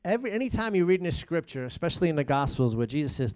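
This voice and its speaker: A man preaching a sermon as pastor, reading scripture and explaining it, swinging between loud emphasis and hushed asides. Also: mid-range voice, expressive, quick pace.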